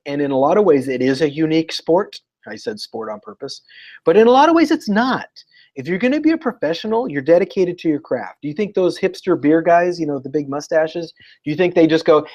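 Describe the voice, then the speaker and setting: Male guest educator, animated storyteller, slightly raised pitch, muffled call audio. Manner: animated storyteller, acts out quotes. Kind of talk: casual interview chat.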